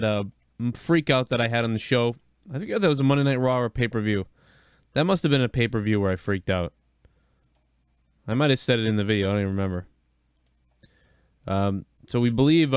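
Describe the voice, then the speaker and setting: A man's voice: medium pitch, smooth, dry recording, clean studio sound. A man hosting a live wrestling talk show, rambling casually with many ums and uhs.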